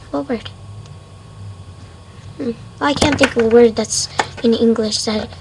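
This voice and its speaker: A woman of Mexican background giving a casual webcam vocabulary lesson at her desk, unsure of herself and repeating words slowly. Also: a little high, slight background noise, rough recording. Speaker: amateur language teacher. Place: home room at a desk.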